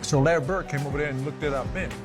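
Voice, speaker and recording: A man's voice: a little high, steady tone, fast. A former basketball player marveling as he recalls a moment from the bench, chuckling through it. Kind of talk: storytelling interview. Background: music.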